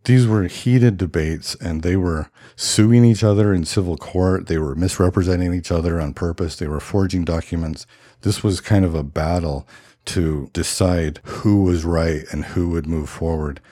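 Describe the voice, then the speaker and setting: A man's voice: deep voice, fairly even intonation, moderate pace, warm tone, no echo. A man talking in a reflective, thoughtful monologue, hedging and musing aloud as he explains ideas. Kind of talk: reflective monologue on religious history.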